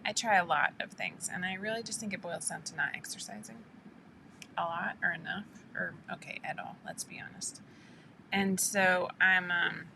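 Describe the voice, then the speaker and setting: A woman's voice: mid-range voice, gravelly, sharp tone, a little hiss or hum, poor audio. A woman hosting a casual live stream who rambles chattily and greets her viewers by name. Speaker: live stream host for a sewing pattern company.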